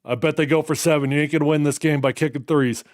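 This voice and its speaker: A man in his thirties hosting a live watch party, reacting to a football game with animated, fired-up commentary. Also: fairly high pitch, fast, dry recording, clean studio sound. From United States.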